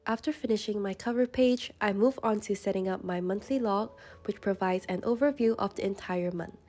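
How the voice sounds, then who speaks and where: A young woman with a slightly stuffy, congested voice narrates a voice-over for her journaling channel, calm and gentle. Her tone is mellow and warm, at a middle pitch, and soft music plays quietly underneath. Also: brisk. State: congested from a runny nose.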